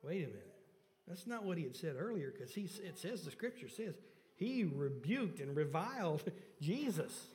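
Man, pastor, sermon, high-pitched, emphatic rises and soft drops, questions to the congregation, long church reverb. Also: sing-song, moderate pace. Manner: rises and falls in pitch and volume for emphasis, dropping low and soft on key points. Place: church sanctuary.

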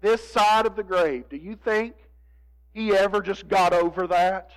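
Male pastor with a high voice preaching, goes quiet then punchy, talks right to the church. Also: a little slow, low-quality recording. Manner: dramatic, swings from hushed to emphatic, addresses congregation. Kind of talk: sermon.

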